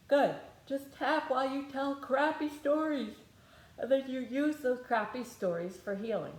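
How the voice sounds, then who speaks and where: A woman leading a guided tapping meditation, talking bluntly, swearing freely and thinking aloud as she works through her own feelings. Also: on the high side. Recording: echoey room.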